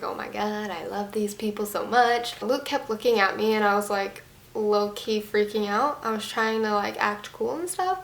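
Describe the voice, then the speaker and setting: A young woman vlogger telling a casual story, chatty and full of "like" and "literally". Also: fairly high pitch. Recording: echoey room.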